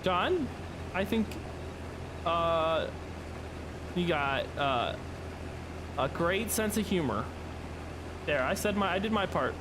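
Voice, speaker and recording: High-pitched young guy streaming a game, rambly and chuckly, kinda sleepy, lil bit of background noise. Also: expressive, slow pace, long pauses. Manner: rambling, chuckling, chatting with viewers. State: sleepy, yawning. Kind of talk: casual livestream commentary.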